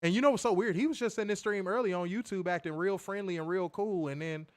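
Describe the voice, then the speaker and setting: A man's voice: high-pitched, fast, no echo, clean studio sound. A man hosting a wrestling review show, talking in casual, profane banter and telling stories with mocking impressions. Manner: animated, mocking, lively storytelling with impressions.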